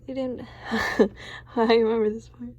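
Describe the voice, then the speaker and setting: A woman's voice: on the high side, flat delivery, measured pace, darkish tone, poor audio. A woman reading a children's storybook aloud, giggling and stopping to react in surprise. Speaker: storybook reader.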